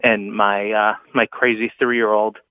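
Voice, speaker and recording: A man's voice: fairly low pitch, level tone, measured pace, smooth, no echo. A man in his thirties calling in and telling a story in a rambling, hesitant way, full of fillers. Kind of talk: casual phone-in storytelling. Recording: tinny dry phone line.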